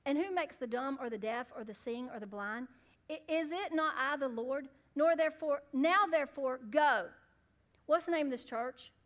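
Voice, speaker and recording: A woman pastor preaching a sermon in church, calling out to the congregation and rising to loud, fervent peaks. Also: sits high, normal speed. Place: church sanctuary.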